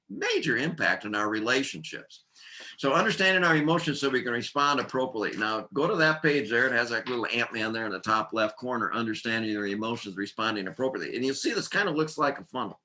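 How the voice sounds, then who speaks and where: A man leads a workplace training seminar in a bright, forceful voice at an ordinary middle pitch. He keeps things lively with jokes and drives his points home in short, punchy lists. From United States.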